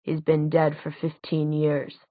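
A woman reading the part of an older male tutor, speaking quietly, slowly and deliberately, grave and measured. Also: deep voice, completely flat delivery, no room sound. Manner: quiet, slow, deliberate speech. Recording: dry, tinny phone-like sound.

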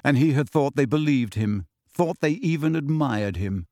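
A man narrates an audiobook, telling the story expressively at a moderate pace. His voice sits at medium pitch, and the recording is studio quality with no room sound.

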